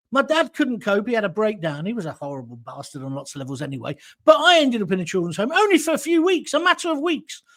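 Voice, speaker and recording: A man's voice: very high voice, a bit bright. An older man, hosting a live reaction show from his home and ranting bluntly, with plenty of swearing. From England. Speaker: host.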